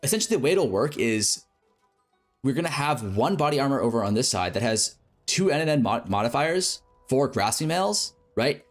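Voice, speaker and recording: A man's voice: mid-range voice, sing-song, moderate pace, soft background music. A man streaming a game, casually thinking aloud through a crafting plan and correcting himself as he goes. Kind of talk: explaining a game crafting strategy.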